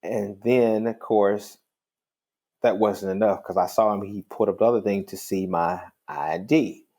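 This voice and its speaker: A middle-aged man, a judge, telling a story in an interview in a calm, wry, conversational way. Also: fairly low pitch, unhurried.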